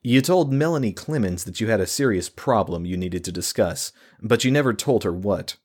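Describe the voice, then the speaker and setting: A man voicing a careful, deep-voiced investigator. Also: expressive, darkish tone. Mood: probing. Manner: measured, tentative. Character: careful, hesitant male investigator.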